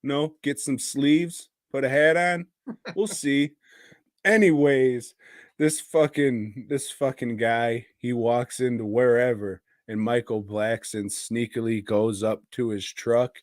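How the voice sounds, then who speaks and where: A man's voice: mid-range voice, steady tone, slow pace, no echo, clean studio sound. A man co-hosting a podcast, chatting in a crude, profane, rambling way. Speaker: podcast co-host. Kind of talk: casual podcast chat.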